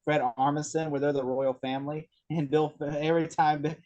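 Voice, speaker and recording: A man's voice: on the high side, little pitch movement, brisk, darkish tone, highs cut off. Jokey man on a podcast. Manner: jokey, laughs often. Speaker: podcast co-host. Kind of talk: casual review chat.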